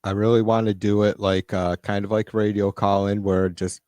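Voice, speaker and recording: A man's voice: lowish voice, flat delivery, moderate pace, darkish tone, no echo. Profane, irritated man ranting on a live stream. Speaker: live stream host reading viewer comments. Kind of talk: casual live-stream rant. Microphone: computer mic on a live stream.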